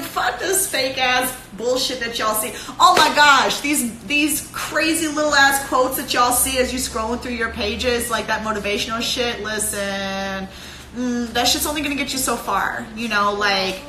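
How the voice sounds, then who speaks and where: A young woman with a Cleveland accent talks straight into her phone on a live stream, swearing freely and laughing often. Her voice is bright and clear, and the room around her echoes. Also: mid-range voice, a little hiss or hum. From Cleveland, Ohio. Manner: profane, animated, laughs often. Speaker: fighter streaming live to followers. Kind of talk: casual live-stream pep talk.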